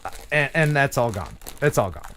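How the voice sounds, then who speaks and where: Lively, jokey male stream host. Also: medium pitch, moderate pace, slight background noise. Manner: jokey, rambling, laughs at himself; reads viewer mail aloud. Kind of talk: casual live-stream chat.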